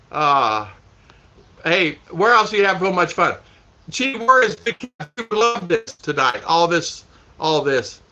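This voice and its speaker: A man's voice: sits high, pushed and bright. A man hosting a casual livestream, chatting with viewers and reading their comments, rambling and repeating himself with frequent laughter. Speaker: vlog host reading live chat. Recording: dull lo-fi stream audio.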